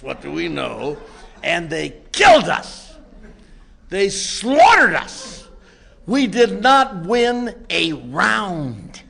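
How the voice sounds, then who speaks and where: An older man telling a self-mocking story to a meeting audience in a wry, comic way that builds into shouting. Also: fairly high pitch, gravelly, breathy edge. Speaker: recovery meeting speaker.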